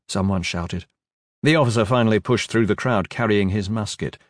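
A man's voice: lowish voice, moderate pace, dry recording, clean studio sound. A man giving an intense, dramatic fantasy audiobook narration with shifting emphasis.

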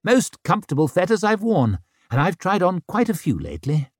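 A man's voice: mid-range voice, sing-song, a little slow, creaky, a little mellow, slightly rough, no echo, clean studio sound, voice pushed up, full character voice. A man voicing a wry, formally polite young prince with an ironic edge.

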